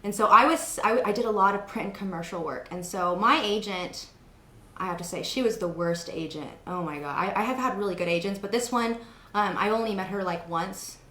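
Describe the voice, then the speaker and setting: A woman's voice: medium pitch, brisk, a bit bright, reverberant. A young woman hosting an interview, chatting casually and telling stories with lots of fillers. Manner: chatty storytelling with many fillers. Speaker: host.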